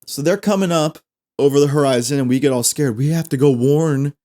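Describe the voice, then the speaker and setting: A man's voice: fairly high pitch, brisk, dark tone. A male podcast host spins a comic tale in an ordinary mid-range voice. He rambles, stumbles over words and restarts them, and throws in jokey asides. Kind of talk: comedic storytelling.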